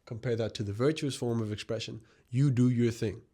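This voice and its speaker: A man's voice: medium pitch, steady tone, brisk, dark tone. A young man giving a casual, earnest spoken essay to his viewers, reflective and direct. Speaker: video essayist.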